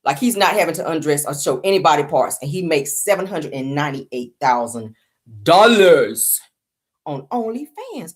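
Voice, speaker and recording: A middle-aged woman hosting a solo livestream, her pitch swinging wildly from low mutters to high squeals. She talks loud and playful in casual slang, laughing between lines and repeating phrases for effect. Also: sing-song, normal speed. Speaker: show host. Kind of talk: animated solo livestream commentary.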